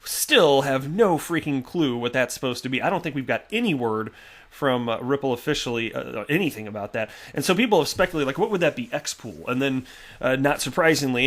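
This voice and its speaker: A man hosting a casual commentary video, chatty and animated with lots of fillers and restarts. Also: mid-range voice. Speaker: crypto video host. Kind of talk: casual commentary reading tweets.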